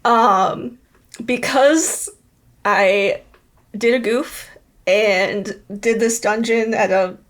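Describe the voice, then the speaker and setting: A woman game master guiding a tabletop game, speaking slowly and playfully in a fairly high voice, with frequent ums. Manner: playful, with filler words.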